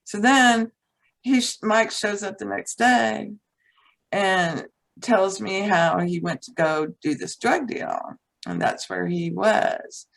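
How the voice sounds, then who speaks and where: A woman guest, a teacher and author, tells a personal story in conversation, blunt and frank and swearing casually. Her voice is medium-pitched and gravelly, she takes it slowly, and the recording is rough.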